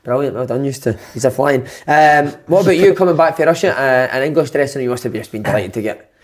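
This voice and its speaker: A man's voice: medium pitch, animated, fast. A man hosting a podcast, asking questions with plenty of banter. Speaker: podcast host. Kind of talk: casual podcast interview.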